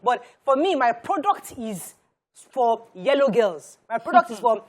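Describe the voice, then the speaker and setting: Quick-talking woman host. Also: a little high, big pitch swings. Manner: probing questions, quick, repeats words. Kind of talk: moderating a studio panel.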